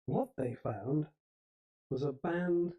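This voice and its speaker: A man giving a storytelling history lecture in a church hall, unhurried, with small restarts now and then. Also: a little high, slightly rough, dull audio. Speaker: speaker giving a history talk.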